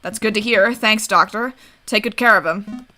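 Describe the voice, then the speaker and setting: A woman's voice: medium pitch, normal speed, sharp tone, natural voice. A woman voicing a flustered, stubborn young male lawyer as she reads a game aloud, with faint music behind her. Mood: anxious. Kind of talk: game voice-over reading.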